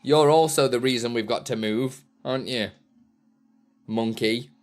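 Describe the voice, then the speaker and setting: A man streams from his home setup, chatting playfully into a desk microphone and drifting into baby talk with his son. His voice sits in the mid range and he speaks at a measured pace.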